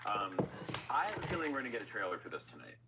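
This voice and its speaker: A man's voice: fairly low pitch, sing-song, quick pace, a crowd in the background. A man hosting a casual live reaction stream, musing aloud with frequent restarts. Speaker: livestream host.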